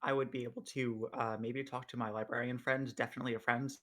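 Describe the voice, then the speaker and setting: A man's voice: medium pitch, little pitch movement, fast talker, fairly bright tone, slight background noise. A man playing in a tabletop role-playing game, casually describing his character's actions with dry jokes. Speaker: player.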